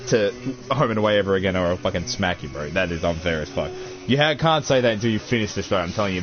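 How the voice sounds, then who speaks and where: A young man, chatting casually and crudely while unboxing, swearing a lot and calling everyone dude and bro. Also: fairly low pitch. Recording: dull lo-fi audio with faint music.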